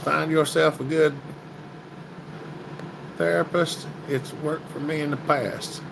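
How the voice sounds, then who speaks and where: A man's voice: fairly high pitch, fairly even intonation, slow, vocal fry, background noise. A man hosting a casual livestream, reading viewer comments and greeting people by name in a folksy, chatty way. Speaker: livestream host.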